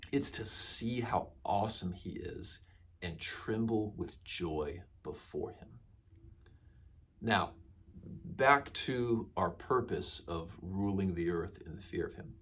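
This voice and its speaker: A man giving a sermon as a pastor, earnest and emphatic, slowing down to stress key phrases. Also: lowish voice, breathy edge.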